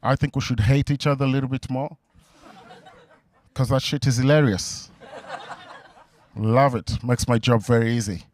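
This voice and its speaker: A young man doing a stand-up comedy set, halting and full of fillers, on a stage mic in front of a live audience. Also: medium pitch, fairly even intonation, a little mellow. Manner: halting, with many fillers and restarts. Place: comedy venue before a laughing crowd.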